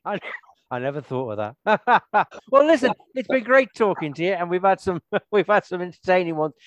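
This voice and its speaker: A man's voice: high-pitched, expressive, brisk, no room sound, muffled recording. Chatty older man, dry close sound. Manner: chatty, laughs often, rambling with restarts. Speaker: podcast host. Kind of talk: casual chat.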